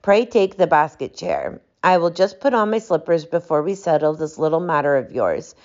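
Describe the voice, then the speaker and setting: A woman doing a cool, shrewd gentleman detective. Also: low voice, animated, normal speed. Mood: assured. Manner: bland, smooth and assured. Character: calm, shrewd gentleman detective, confident and wry. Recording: dull lo-fi audiobook recording.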